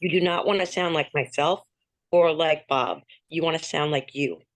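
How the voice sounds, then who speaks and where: A woman's voice: low voice, moderate pace. A woman joining a video call as a guest teacher, speaking in a reassuring, affirming way.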